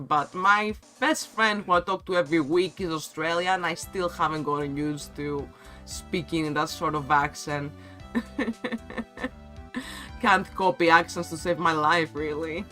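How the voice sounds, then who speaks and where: A man's voice: fairly high pitch, sharp tone. A man streaming a game, making chatty, self-deprecating asides between the game's lines. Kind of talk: casual gaming commentary. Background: faint game music.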